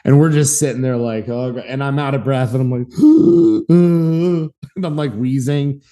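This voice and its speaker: A man in his thirties co-hosting a podcast, telling a story in a lively, casual way and acting out the voices in it. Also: mid-range voice, moderate pace. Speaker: podcast co-host.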